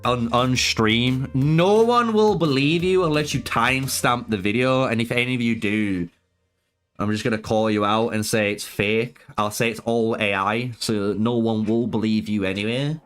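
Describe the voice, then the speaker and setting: A man's voice: medium pitch, moderate pace, smooth, soft background music. A man streaming a game live, chatting casually with viewers, swearing a lot, laughing often and calling them bro. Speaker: gaming streamer.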